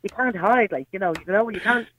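A woman's voice: medium pitch, a little fast, a bit bright, a little hiss or hum, rough recording. An Irish woman calling in to a radio show, telling a story in a chatty way with plenty of hesitant fillers. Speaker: caller. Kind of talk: phone-in chat.

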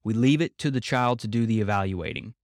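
A man's voice: on the low side, expressive, brisk, a little mellow, no room sound, clean studio sound. A man hosting a podcast, reading passages from a book aloud and explaining them in an earnest way, restating his key points. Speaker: podcast host.

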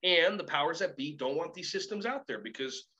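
A man who works as a keynote speaker, telling animated stories and acting out the voices of the people in them. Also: fairly high pitch, brisk, rough recording. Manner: lively, acts out voices in his anecdotes. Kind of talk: animated storytelling chat.

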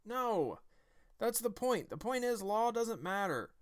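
A combative, sarcastic man hosting a political podcast. His voice sits fairly high and rings smooth and resonant, and he turns emphatic as he argues. It is recorded close and dry. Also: sing-song, slow pace, no room sound. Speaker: podcast host. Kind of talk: political commentary monologue.

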